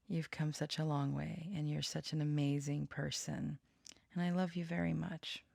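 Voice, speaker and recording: A woman's voice: deep voice, gravelly, a little mellow, dry recording, studio quality. A woman hosting a tarot channel, chatting casually and tenderly, rambling and laughing often. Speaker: tarot reader and channel host. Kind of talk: casual personal chat.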